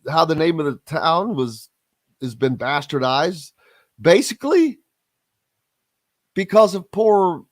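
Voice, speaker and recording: Slow, emphatic radio host. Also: male voice, fairly high pitch, animated, no room sound. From Southern Indiana. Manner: drawn-out, emphatic, opinionated. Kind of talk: casual sports radio chat.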